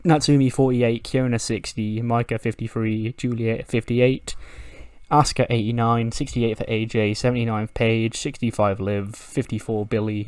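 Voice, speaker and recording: A game video creator gives a loose, chatty recap of a wrestling simulation game, swearing offhandedly. His voice is on the low side, with no echo.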